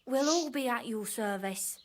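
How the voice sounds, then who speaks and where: A woman's voice: a little high, animated, unhurried. A woman voicing an anxious peasant wife who pleads earnestly and guards what she owns. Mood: pleading.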